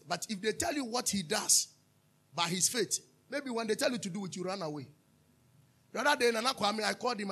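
A Ghanaian man preaching a sermon as pastor, animated, drifting into sung lines and asking his listeners to answer back. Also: sits high, slightly rough. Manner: calls for audience responses, asks and answers himself.

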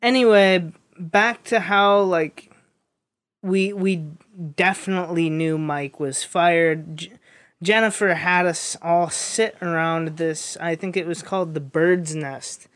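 A man's voice: high-pitched, fairly even intonation, slow, fairly bright tone. A young man telling a rambling story in casual chat, with lots of fillers and restarts.

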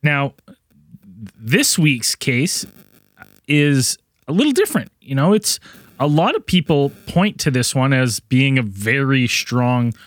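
A man's voice: medium pitch, big pitch swings, slow, no room sound, studio quality. A man co-hosting a podcast in casual chat, talking over a remote call, rambling with restarts and laughing often. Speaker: podcast co-host. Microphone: remote call mic.

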